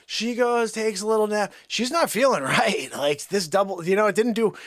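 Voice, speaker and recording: A man's voice: high voice, moderate pace, fairly bright tone, dry recording, clean studio sound. A male comedian doing a manic improvised comedy monologue that jumps between silly voices.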